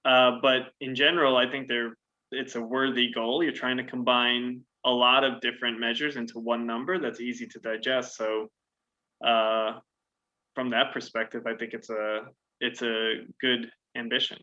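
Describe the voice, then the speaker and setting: A man who teaches economics, giving measured, thoughtful opinions in a casual discussion. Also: mid-range voice, little pitch movement, bright, forceful tone, muffled recording.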